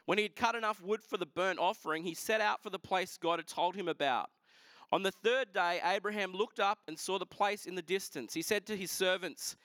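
A man preaching a sermon, retelling a scripture story in a lively, casual way with asides to the congregation. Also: sits high, brisk, dry recording. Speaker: pastor.

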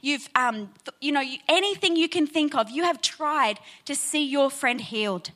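A woman preaching a sermon, retelling a Bible story in an animated way and checking in with listeners with a frequent "right?". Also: high-pitched, normal speed.

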